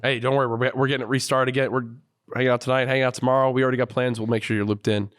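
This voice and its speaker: Young male co-host, animated casual storyteller, mid-range voice. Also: mid-range voice, rapid-fire, clean tone. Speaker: podcast co-host. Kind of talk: casual podcast chat, storytelling.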